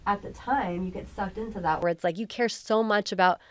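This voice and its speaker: A former police officer guests on an interview podcast, speaking candidly, earnestly and from the heart with many casual fillers. Her medium-pitched voice is brisk, recorded on a close podcast mic with slight background noise.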